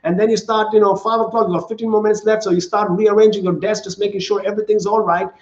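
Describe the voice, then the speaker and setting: High-voiced man preaching in an echoey church. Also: flat delivery, fast. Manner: earnest, repetitive preaching with rhetorical questions. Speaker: pastor. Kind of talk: sermon. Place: church sanctuary. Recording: echoey church room, dull lo-fi sound.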